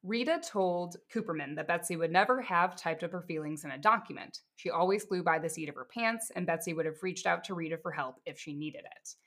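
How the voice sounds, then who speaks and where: A woman co-hosting a podcast, telling a crime case in a casual, steady way with chatty asides. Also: lowish voice, fairly quick, hardly any pauses. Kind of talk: casual true crime storytelling.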